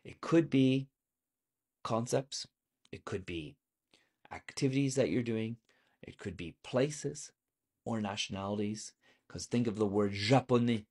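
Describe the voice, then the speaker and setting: A man's voice: lowish voice, animated, measured pace, long pauses, a little mellow. A man teaching a video lesson on French vocabulary, explaining patiently and asking the viewer questions.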